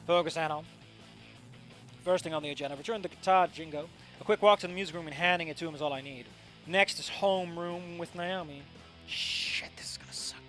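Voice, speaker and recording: A man's voice: fairly high pitch, quick pace, a bit bright, faint music behind. A man casually reading fan fiction aloud, with rambling, profane asides and a voice that is tiring. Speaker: story reader.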